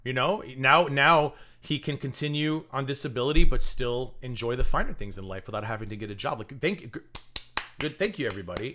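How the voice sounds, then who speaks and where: A man's voice: mid-range voice, expressive, fast, bright, forceful tone. A man hosting a livestream, giving casual drama commentary full of sarcastic, mocking asides. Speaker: livestream host.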